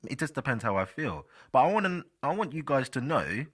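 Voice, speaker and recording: A man's voice: mid-range voice, very animated, fairly quick, a bit bright, breathy edge. A man hosting a solo podcast, chatting casually and rambling with fillers, speaking directly to his listeners. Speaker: podcast host.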